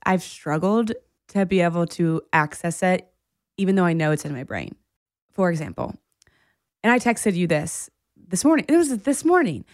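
A woman co-hosting a podcast, telling a story in casual chat, animated and laughing often. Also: mid-range voice, dry recording, clean studio sound. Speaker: podcast co-host.

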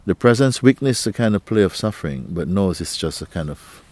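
Low-voiced man teaching gently. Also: lively intonation, brisk. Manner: gentle, playful, laughs often, repeats "you see" and "huh"; nonstandard grammar in English. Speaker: spiritual teacher. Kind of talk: spiritual teaching to a listener.

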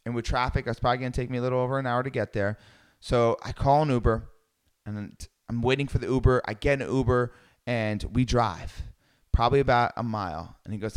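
A man telling a personal travel story in a lively way, acting out the people he quotes. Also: medium pitch, brisk. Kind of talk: storytelling talk.

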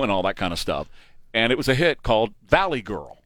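A man's voice: medium pitch, wildly swooping pitch, fairly quick, fairly bright tone, dry recording. A man hosting a morning talk radio show, blunt and opinionated, speaking into a studio microphone. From Texas.

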